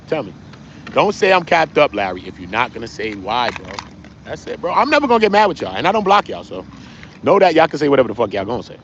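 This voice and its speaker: A man hosting a casual livestream, talking straight to his chat in slangy, animated speech. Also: lowish voice, muffled recording, slight background noise. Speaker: livestream host.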